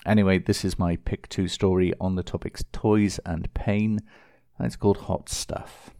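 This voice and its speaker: A man's voice: low-pitched, a little mellow, no echo. A man reading a short comic story with a dry, jokey delivery.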